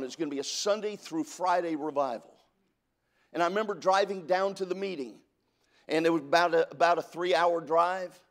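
A middle-aged male pastor from California preaching a sermon, telling stories with stammered restarts and reading scripture in a rising preaching cadence. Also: a little high. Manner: storytelling with repeated stammered restarts.

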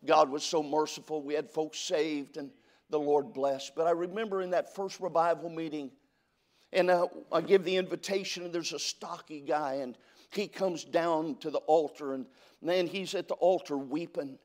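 Here a middle-aged male pastor from California speaks at normal speed in a slightly high, steady tone. In his sermon he tells stories with repeated stammered restarts and reads scripture in a rising preaching cadence.

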